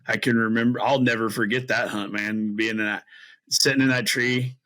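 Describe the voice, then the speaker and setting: A man's voice: mid-range voice, fairly even intonation, normal speed, sharp tone, poor audio. A middle-aged man, a guest on a podcast, telling a story casually and animatedly, acting out his own reactions between many fillers. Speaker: podcast guest, bowhunter and string maker.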